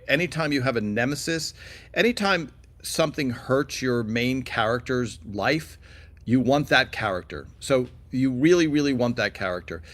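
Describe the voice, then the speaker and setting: A man chats on a casual livestream, answering viewers' questions in a loose, rambling way. He fills his talk with asides and hesitations, and his voice sits at an ordinary mid pitch. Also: fairly bright tone. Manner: chatty, rambling, with many fillers and asides. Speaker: livestream host.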